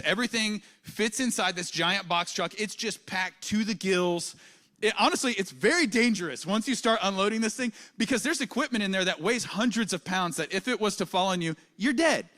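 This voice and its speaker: A male pastor, preaching a sermon with animated storytelling and big swings in pitch and loudness. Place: church auditorium.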